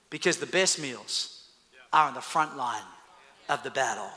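A man preaching a lively sermon, telling stories and swinging from shouts to quiet lines. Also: mid-range voice, unhurried. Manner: storytelling, swings from loud to quiet. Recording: echoey hall.

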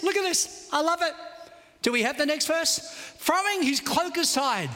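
A male pastor preaches with fervour and calls out to his congregation for a response. His voice is very high and bright, often rising to a shout. It rings through a large church hall with a long reverb. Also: sing-song, moderate pace. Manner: fervent, call-and-response preaching. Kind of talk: sermon.

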